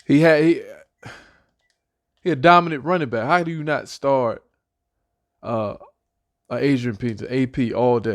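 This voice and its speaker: A young man excitedly giving a casual football prediction as a fan, repeating himself and speaking loosely. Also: mid-range voice, moderate pace, long pauses. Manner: excited, repetitive, talks like a fan. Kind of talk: casual sports prediction vlog.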